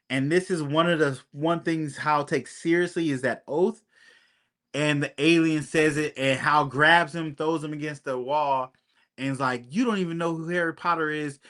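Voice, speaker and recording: A man's voice: a little high, fairly bright tone. A man on a podcast casually recapping a TV episode, acting out the characters' lines as he retells them, with frequent ums. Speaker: podcast co-host.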